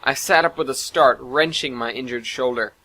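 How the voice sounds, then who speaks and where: A man's voice: medium pitch, moderate pace, pushed and bright, rough recording. A man narrating a first-person science fiction story in an earnest, dramatic reading.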